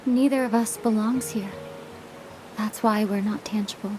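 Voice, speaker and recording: Lady doing a hushed weary young traveler girl, game cutscene, calm and reflective, faint music behind. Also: medium pitch, lightly acted. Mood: wistful. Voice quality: soft, hushed, contemplative. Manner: measured, reflective, gently questioning. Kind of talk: video game cutscene dialogue.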